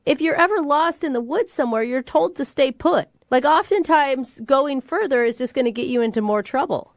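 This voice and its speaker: Woman radio host, blunt, teasing, high voice, dry studio sound. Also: expressive, normal speed, no echo. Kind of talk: radio talk banter.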